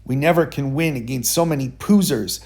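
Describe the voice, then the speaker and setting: A man's voice: medium pitch, fairly quick, gravelly, a little mellow, close to an everyday voice. A man voicing a blustering, pompous army general in a storybook reading, bellowing orders. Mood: breezy. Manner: bellowing, commanding.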